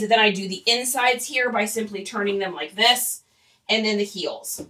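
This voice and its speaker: A woman's voice: mid-range voice, sharp tone, far from the mic. A woman leading a casual livestream tutorial, chatty and giggly, and talking straight to her viewers. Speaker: online reseller teaching on a livestream.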